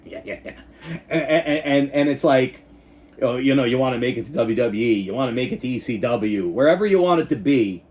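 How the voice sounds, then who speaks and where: Hyped, rambling man in his forties. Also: medium pitch. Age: 40s. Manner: animated, rambling, profane, hyped. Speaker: YouTuber and backyard wrestling show host. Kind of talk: casual reaction vlog.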